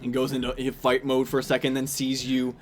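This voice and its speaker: A man's voice: mid-range voice, completely flat delivery, fairly quick, a little hiss or hum. A man narrating as game master, describing scenes casually with many fillers.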